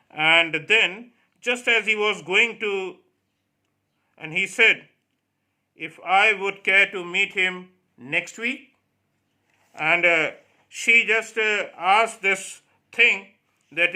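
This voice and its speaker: A man's voice: high voice, bright, forceful tone. A male English teacher explaining a story to his students, reading lines aloud and then restating them in plain words, with many fillers.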